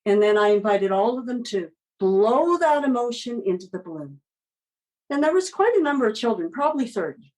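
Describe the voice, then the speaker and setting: Expressive woman telling a story. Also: fairly high pitch, a little fast, low-quality recording. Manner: expressive storyteller, gentle and encouraging. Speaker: guest, children's book author. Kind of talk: podcast interview storytelling.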